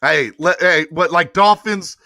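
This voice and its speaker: Male podcast host, casual slangy sports chatter, bright tone, dry close sound. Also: a little high, unhurried, gravelly, no echo. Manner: animated, slangy, begs viewers for likes. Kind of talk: casual sports talk livestream.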